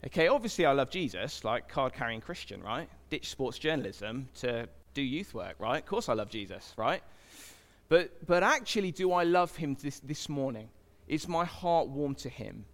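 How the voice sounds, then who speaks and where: With a mid-range, sing-song voice at a moderate pace, a man preaches a sermon in a church hall heard through long hall reverb. He talks with the crowd in a conversational way and asks it questions.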